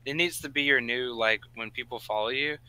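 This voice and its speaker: A man's voice: mid-range voice, a little fast, sharp tone, clear, resonant tone, poor audio. A man co-hosting a casual gaming podcast, teasing and cracking jokes. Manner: teasing, wisecracking. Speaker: podcast co-host.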